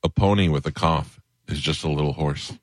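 A man's voice: fairly quick, dry recording. A man hosting a radio show, trading jokes in casual studio banter and breaking into giggles. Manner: laughing, swooping into high giggles.

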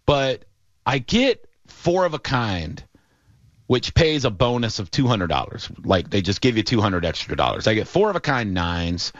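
Animated man telling stories on a sports show. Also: lowish voice, normal speed, no room sound. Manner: animated storyteller, many fillers. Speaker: radio show host. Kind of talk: casual sports talk. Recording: dull, lo-fi and dry.

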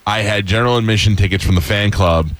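A man's voice: lowish voice, quick pace, a bit bright. A man hosting a radio interview, laid-back, laughing along and telling his own stories. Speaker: radio host. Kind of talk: casual interview chat.

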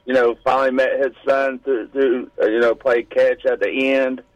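Male caller, mid pitch, dry close sound, hesitant and reflective. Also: flat delivery, normal speed, dry recording, poor audio. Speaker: radio show caller. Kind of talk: casual call-in chat.

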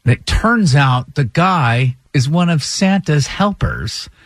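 Radio show host, male, lively storyteller. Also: fairly high pitch, takes it slowly, dry recording, studio quality. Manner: animated storyteller, acts out quoted voices. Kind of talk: casual radio banter and storytelling. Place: radio studio.

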